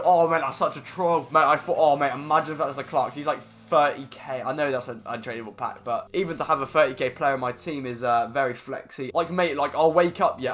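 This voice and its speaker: Excitable young gamer, music under. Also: male voice, on the high side, brisk, hardly any pauses. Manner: chatty and excitable, slangy, shouts at big pulls. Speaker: gaming YouTuber. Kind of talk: casual pack-opening commentary.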